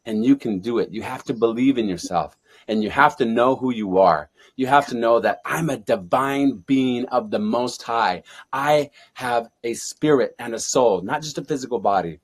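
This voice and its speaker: A man's voice: medium pitch, normal speed, slightly rough. A man speaking as a guest on an interview show, fervent and preaching, with repeated affirmations. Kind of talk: motivational interview talk.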